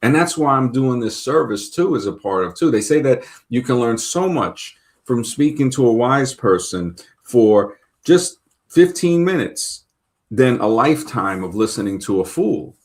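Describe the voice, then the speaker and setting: A man's voice: mid-range voice, expressive, a little slow, a little mellow. A man hosting a talk show, rambling with lots of restarts and repeated words. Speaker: show host. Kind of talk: casual talk-show conversation.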